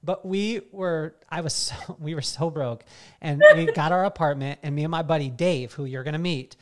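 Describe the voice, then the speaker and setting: A male podcast host tells stories in a casual, animated way, laughing often. His voice sits a little high and he talks at a moderate pace.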